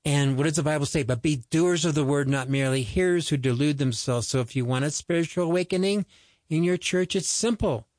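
Earnest preacher guy, kinda high voice, dry close mic, pleads hard. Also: a little fast, a little mellow, no room sound. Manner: earnest, exhorting, rising to urgent pleading. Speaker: ministry host. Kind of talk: radio sermon talk.

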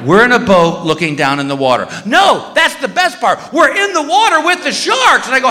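Man, stand-up comedian, animated storytelling, high pitch, lively, long reverb. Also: brisk, hardly any pauses. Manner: animated storytelling, many put-on shouts. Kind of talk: stand-up routine. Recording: live club with long reverb and faint noise.

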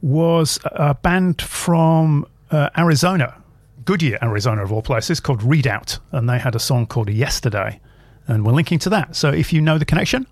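A man's voice: on the high side, normal speed, no room sound. A man hosting a radio show, chatting casually and telling long, rambling anecdotes in a studio.

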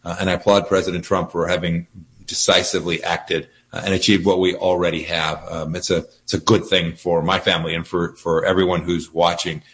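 A man giving firm, measured political commentary as a guest, often repeating words as he starts a sentence. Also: low-pitched, flat delivery, fairly bright tone. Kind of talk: political interview by phone or video link.

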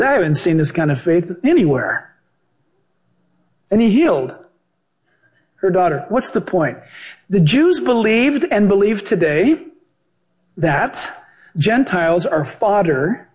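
A male pastor and Bible teacher preaching a sermon in an animated, joking way, acting out the voices he quotes. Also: high-pitched.

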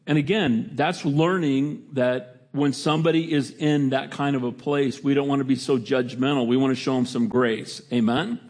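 A middle-aged man preaching a sermon in a conversational way, rising to emphatic lines and dropping to quiet reflection. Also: mid-range voice, fairly even intonation, a little fast. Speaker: pastor.

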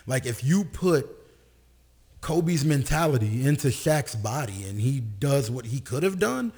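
Husky-voiced man riffing on sports. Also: medium pitch. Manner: animated, slangy, quick to joke. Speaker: radio sports talk co-host. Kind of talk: casual sports banter.

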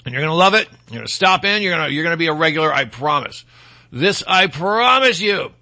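A man's voice: on the high side, expressive, quick pace, sharp tone. A man from Michigan with a Michigan accent, hosting a casual political talk show in a rambling, opinionated way with folksy asides.

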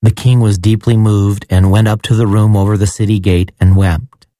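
A man giving a measured, solemn liturgical scripture reading. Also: on the low side, level tone, mellow, no echo. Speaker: scripture reader.

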